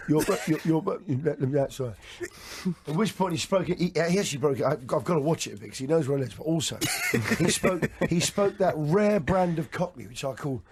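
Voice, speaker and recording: High-voiced hoarse man hosting radio banter. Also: animated, normal speed, a little hiss or hum. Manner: playful, teasing, mock-grand introductions. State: a bit hoarse. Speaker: radio breakfast show host.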